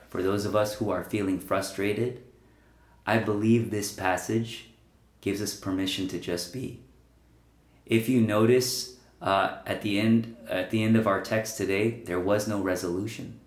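Low-voiced pastor guy preaching, earnest, soft trailing endings, echoey room. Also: steady tone, unhurried. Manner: earnest, pleading emphasis with soft trailing phrase ends. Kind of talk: sermon. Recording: roomy echo.

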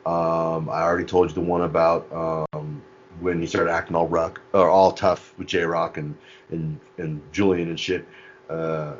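Deep-voiced man in casual chat. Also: level tone, highs cut off, a little hiss or hum. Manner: laughing, profane, retells scenes by doing quick voices.

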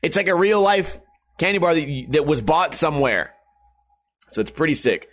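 A man's voice: a little high, sing-song, moderate pace, a bit bright. A man, rambling and joking profanely as a streamer talking to his webcam at home. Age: 30s. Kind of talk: casual rambling vlog. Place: hot house. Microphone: webcam setup at home.

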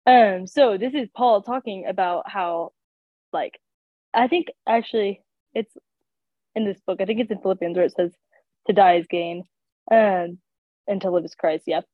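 A woman's voice: medium pitch, normal speed, pauses often, no room sound. A young woman co-hosting a casual faith podcast, sounding congested and sick, rambling with lots of fillers. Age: young adult. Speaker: podcast co-host. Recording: tinny phone-like sound, dry.

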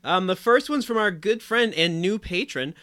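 Male podcast co-host, bright tone, dry close mic, laughs easily. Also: sits high, lively intonation, normal speed, no room sound. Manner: laughs often while reading out a listener email. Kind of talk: casual podcast chat.

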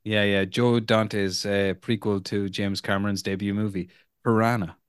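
A man's voice: fairly low pitch, level tone, moderate pace, clear, resonant tone, no echo, studio quality. Laid-back man joking on a podcast. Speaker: podcast co-host. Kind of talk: casual chat.

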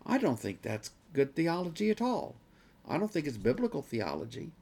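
A man's voice: a little high, huge pitch swings, normal speed, a little mellow. A man teaching a Bible study class in an earnest way who gets worked up and says he is losing his voice.

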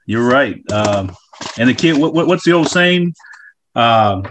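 A man's voice: mid-range voice, expressive, unhurried, fairly bright tone. A man hosting a podcast, affirming his guest and groping for words in casual chat. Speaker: podcast host. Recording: noisy background hiss.

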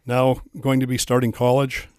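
A man leading a ministry, speaking as a guest on a radio show, halting and full of fillers. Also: mid-range voice, monotone, a little mellow, smooth, no echo, studio quality. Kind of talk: casual radio interview.

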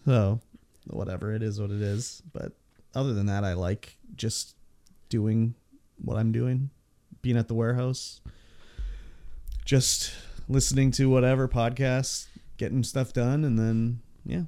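A man's voice: medium pitch, fairly even intonation, unhurried, warm tone. A man co-hosting a podcast, laid-back and swearing casually as he tells stories. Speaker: podcast co-host. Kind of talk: casual chat.

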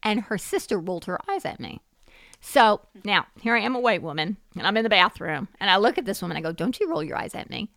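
A middle-aged woman minister telling a lively faith story on a Christian talk show, acting out the dialogue. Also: medium pitch, quick pace, dry recording. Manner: animated storyteller, acts out quoted dialogue. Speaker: guest minister.

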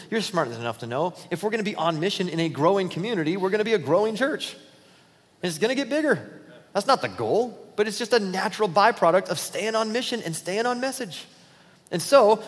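Pastor preaching in a ringing hall. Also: male voice, high-pitched, very animated, slightly rough. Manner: conversational, acts out quick dialogues in his talk. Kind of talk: sermon. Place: church auditorium.

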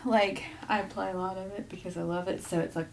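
A woman's voice: medium pitch, fairly even intonation, quick pace. Chatty woman co-hosting a podcast. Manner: chatty, rambling, trails off and restarts. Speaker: podcast co-host. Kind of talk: casual chat.

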